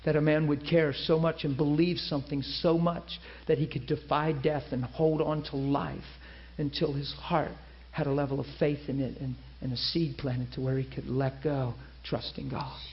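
Male preacher, storytelling sermon, slightly high voice, muffled lo-fi sound. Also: moderate pace, few pauses. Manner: animated storyteller acting out quoted people.

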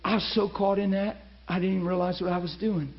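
A man preaching a personal testimony to a class, animated and emphatic, swinging between loud and hushed. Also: high voice, quick pace. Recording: dull lo-fi recording.

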